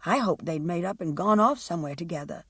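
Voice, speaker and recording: A woman voicing a young woman testifying about her sister in an audiobook, speaking quietly and haltingly. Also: on the low side, animated, husky, no echo, studio quality, full character voice. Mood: shaken. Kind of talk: audiobook character reading.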